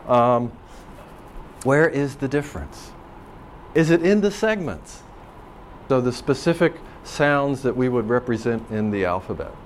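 A man's voice: mid-range voice, expressive, a little slow, a little hiss or hum. Rambling male professor lecturing a class. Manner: rambling and thoughtful, with frequent ums and restarts. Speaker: language professor.

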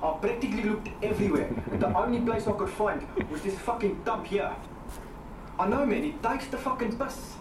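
A man's voice: sits high, a little fast, natural voice. A man performing a run of different British dialects as a series of blustering, foul-mouthed characters, played back from a recording. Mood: griping. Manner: switches between many distinct British dialects; swears freely, blustering. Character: assorted British men, brash and profane. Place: clip played aloud in a classroom. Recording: roomy, distant, noisy playback in a classroom.

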